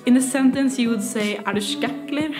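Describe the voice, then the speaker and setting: A Norwegian woman explains slang words in a blunt, matter-of-fact tone. Clear background music plays under her voice throughout. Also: high voice, fairly quick. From Norway.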